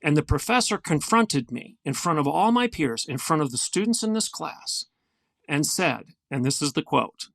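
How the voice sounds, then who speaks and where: An older man with a gravelly voice, a guest telling a story in an earnest, emphatic way in a podcast interview. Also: fairly high pitch, sing-song, moderate pace, fairly bright tone, no room sound. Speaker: guest, former university president.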